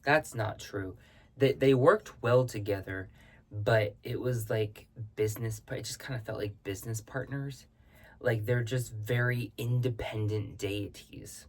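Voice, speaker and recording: A man's voice: lowish voice, a little slow. A man chatting casually in a vlog, answering viewer questions on his spiritual practice and often circling back to rephrase himself.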